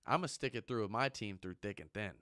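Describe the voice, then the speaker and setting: A man's voice: lowish voice, fast talker, a bit bright, no echo. Fired-up ranting man, dry sound. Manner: fired-up, ranting, emphatic repetition. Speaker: vlogger and former Marine. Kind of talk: impassioned monologue.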